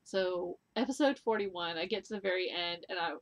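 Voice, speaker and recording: A middle-aged woman with a lowish voice hosts a knitting video podcast, chatting casually to the camera at a moderate pace. She gushes with enthusiasm, dropping plenty of ums and laughs.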